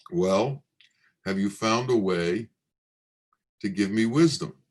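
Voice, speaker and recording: A man speaking as a proud king who gives orders in a measured way. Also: on the low side.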